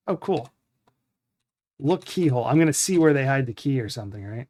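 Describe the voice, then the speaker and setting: Young adult male streamer, casual deadpan commentary, reads game text aloud, middle pitch. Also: normal speed, faint music behind. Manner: wry, deadpan self-talk with mock-dramatic readings. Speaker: streamer playing a retro adventure game.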